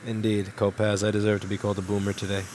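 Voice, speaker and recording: A man's voice: on the low side, monotone, fast, background noise. A man casually chatting on a live stream while working at a repair bench, rambling and self-deprecating, swearing now and then. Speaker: livestreaming repair technician.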